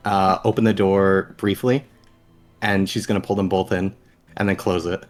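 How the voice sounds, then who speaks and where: Male player: casual, matter-of-fact, slightly low pitch. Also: little pitch movement, normal speed, faint music behind. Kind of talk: describing character actions in a tabletop game.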